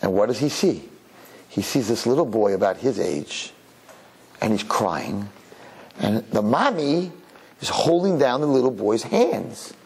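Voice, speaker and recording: A man preaching a sermon as a rabbi, telling stories in an animated way. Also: mid-range voice, measured pace, creaky, a little hiss or hum. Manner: animated storyteller who acts out his characters.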